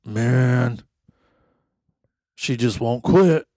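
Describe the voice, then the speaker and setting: A man voicing a gruff construction worker who gripes crudely and with exasperation. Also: mid-range voice, extremely slow, warm tone, no room sound, clean studio sound. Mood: griping.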